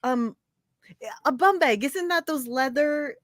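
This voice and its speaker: A woman's voice: high-pitched, unhurried, a bit bright, no room sound, clean studio sound. Giggly woman hosting a live chat. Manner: giggly, laughs often between words. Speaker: host. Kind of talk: casual live-stream chat.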